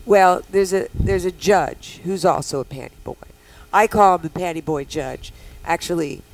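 A woman's voice: lowish voice, normal speed, darkish tone, poor audio. A woman hosting a talk show, talking in a playful, bawdy, teasing way with callers. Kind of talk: casual radio show chat.

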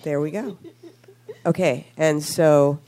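A woman's voice: low voice, slow, dark tone. A woman hosting a radio talk show as a sex therapist, bubbly and joking with callers and co-hosts.

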